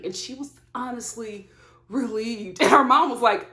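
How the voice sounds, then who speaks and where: A woman giving a casual, animated recap of a reality TV episode, laughing often and talking back to the screen. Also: fairly high pitch, moderate pace. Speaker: TV show reviewer. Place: home filming setup. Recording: echoey room.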